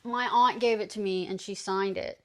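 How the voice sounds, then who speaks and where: A woman's voice: medium pitch, steady tone, normal speed. A woman in her thirties streaming live, chatting casually and teasing her chat, swearing freely.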